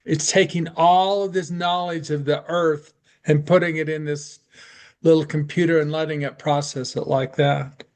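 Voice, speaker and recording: A man's voice: a little high, fairly even intonation, normal speed. An older man chatting casually in an online class, rambling and trailing off mid-sentence. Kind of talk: casual chat.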